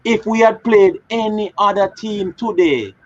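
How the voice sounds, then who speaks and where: A hoarse man on a fan panel, talking fast and breathlessly in an excited match reaction. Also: sits high. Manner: rapid, breathless, hoarse from shouting. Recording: dull lo-fi audio.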